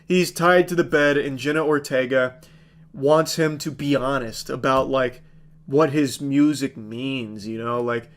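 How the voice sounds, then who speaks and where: A man's voice: medium pitch, measured pace. A man in his thirties giving a ranting movie review, exasperated and sarcastic, swearing freely.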